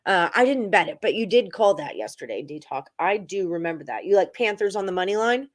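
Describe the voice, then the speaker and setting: A woman's voice: mid-range voice, expressive, a little fast. A woman hosting a casual sports betting livestream, rattling off odds and percentages and chatting with viewers. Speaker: sports betting show host. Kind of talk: casual livestream chat about betting picks.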